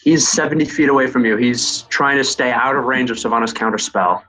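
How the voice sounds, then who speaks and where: A man runs a tabletop fantasy game as its game master. He keeps his delivery steady and measured while laying out rules and calling out damage numbers. Soft music plays faintly behind him. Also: medium pitch, low-quality recording.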